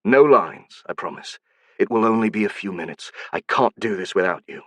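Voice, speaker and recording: A man voicing an intense male film director who is emphatic and pleading, speaking in a soft, hushed way. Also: fairly low pitch, expressive, moderate pace, no room sound.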